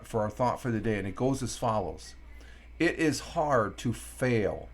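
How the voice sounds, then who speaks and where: A middle-aged man from Upstate New York hosting a casual morning live stream, rambling with many fillers and reading quotes out slowly. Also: lowish voice.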